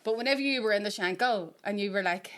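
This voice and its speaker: A woman's voice: mid-range voice, quick pace, a bit bright. A young woman with a Northern Irish accent, hosting a podcast with frequent laughter, swearing and mimicked accents. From Belfast, Northern Ireland. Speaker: podcast host. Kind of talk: casual chat.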